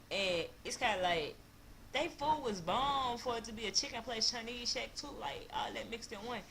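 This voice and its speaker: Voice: medium pitch, normal speed, sharp tone, a little hiss or hum. Laid-back young vlogger with a Louisiana accent. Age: about 20. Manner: slangy, laid-back, loose storytelling. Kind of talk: casual storytime vlog.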